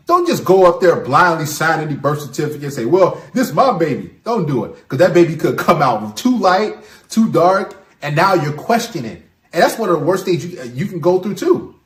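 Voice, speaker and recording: A man's voice: a little high, sing-song, a little fast, roomy sound. A man hosting his own channel, giving emphatic, preachy advice in a monologue to the camera. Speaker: channel host.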